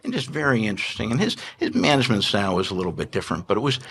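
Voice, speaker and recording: A man in his sixties, telling stories as an interview guest, animated, often laughing and restarting his sentences. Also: on the low side, rapid-fire, gravelly, slightly rough. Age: 60s. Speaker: investment manager and podcast guest. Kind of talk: anecdotal interview storytelling.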